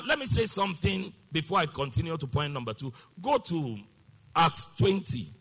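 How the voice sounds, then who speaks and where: Raspy preacher in a ringing hall. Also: male voice, a little high, a bit bright. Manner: emphatic call-and-response, half-sung exclamations. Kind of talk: sermon.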